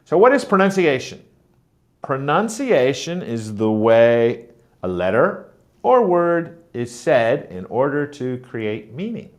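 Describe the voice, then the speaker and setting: Lively American man teaching pronunciation. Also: medium pitch, slow. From United States. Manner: lively, demonstrative, repeats words to model sounds. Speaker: teacher trainer. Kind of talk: instructional video lesson.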